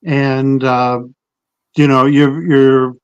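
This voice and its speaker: A man with a Minnesotan accent interviews his guest in an easy, conversational tone. His voice sits at a middling pitch, and he loosely strings his questions together with fillers. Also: little pitch movement, very slow, clear, resonant tone, lo-fi sound. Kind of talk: casual interview.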